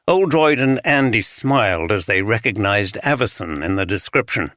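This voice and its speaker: Bright-voiced male audiobook narrator. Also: lowish voice, no echo, clean studio sound. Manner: steady, measured reading.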